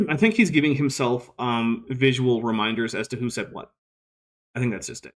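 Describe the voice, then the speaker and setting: Wry man reading chat. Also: mid-range voice. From United States. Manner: wry, skeptical, quick asides. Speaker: host. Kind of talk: casual livestream chat reading viewer comments.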